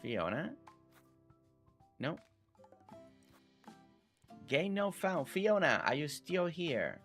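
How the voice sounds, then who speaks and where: A man's voice: on the high side, very animated, drawn-out words, soft background music. A man live-streaming a farming game, chatting casually with his viewers and thanking them by name. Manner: friendly, reads chat aloud, warm thanks to viewers.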